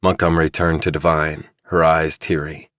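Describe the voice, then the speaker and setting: Narrator: man, very low voice, measured thriller reading, dry studio sound. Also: dry recording. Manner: measured, even storytelling. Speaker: audiobook narrator. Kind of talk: scripted narration.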